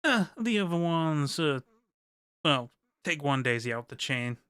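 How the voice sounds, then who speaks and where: A sly, courtly informant with a smooth, clear voice, put on by a man running a tabletop game. Each line comes out formal and politely sarcastic, recorded close and dry with no room sound. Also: fairly high pitch, expressive, unhurried, a bit bright, dry recording. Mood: scheming. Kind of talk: game master voicing a character.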